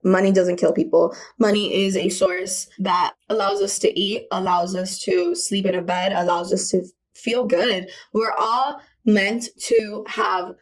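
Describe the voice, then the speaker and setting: A woman's voice: mid-range voice, unhurried, few pauses. A woman vlogging in a casual, candid way, telling personal stories with slang and filler words as she rambles on. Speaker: self-help vlogger.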